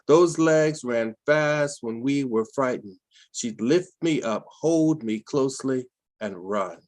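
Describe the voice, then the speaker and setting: Slow solemn man reading poetry, dry sound. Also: medium pitch, a little mellow, no room sound. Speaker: open mic poet. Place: home room, dry sound. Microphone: home computer mic on a video call.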